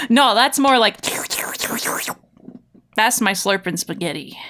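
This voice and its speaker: Woman streamer, giggly and rambling, mid-pitched, casual chat with viewers. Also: expressive, slow pace, long pauses, fairly bright tone. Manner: giggly, rambling, with silly mouth sound effects.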